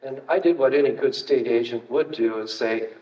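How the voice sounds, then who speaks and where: An older man, a retired archaeologist, gives a relaxed public talk with slides, full of anecdotes, filler words and wry asides. His voice is mid-range and darkish, at a normal speed. The recording is distant and roomy, with the dull sound of a hall.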